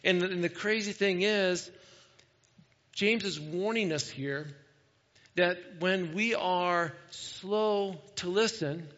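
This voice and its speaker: A man's voice: high-pitched, a bit bright. A middle-aged man preaching a sermon as pastor in a church, talking in a conversational, folksy way with frequent restarts. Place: church sanctuary. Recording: dull sound with long reverb in a large room.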